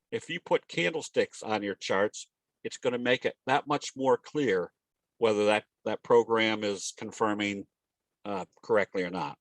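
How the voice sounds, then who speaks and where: A man's voice: mid-range voice, fairly bright tone, dry recording. A man giving a casual trading webinar in a folksy, storytelling way, with frequent restarts. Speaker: trading educator presenting a webinar.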